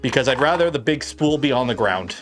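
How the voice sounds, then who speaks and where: A man's voice: mid-range voice, lively intonation, brisk, fairly bright tone, faint music behind. A man hosting a livestream, chatting in a rambling, filler-heavy way with plenty of "like" and "uh" while he works at his bench. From Canada. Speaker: livestream host. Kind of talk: casual livestream chat.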